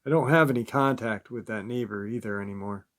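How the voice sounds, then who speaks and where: A man narrating listeners' creature encounter stories in a steady, measured reading voice. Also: on the low side. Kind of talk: scripted narration.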